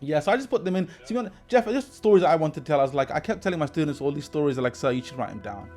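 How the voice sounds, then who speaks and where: A man in his forties, a teacher hosting a podcast, tells animated anecdotes and acts out the people he quotes. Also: on the high side, very fast, soft background music. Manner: animated anecdotes, quoting people with lively voice shifts. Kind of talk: casual storytelling in an interview.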